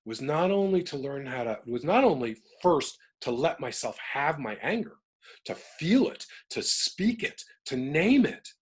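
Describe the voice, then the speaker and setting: This middle-aged man from the United States has a slightly rough voice on the high side. Speaking as an interview guest in reflective, personal talk, he is animated and emphatic, working through his emotions aloud.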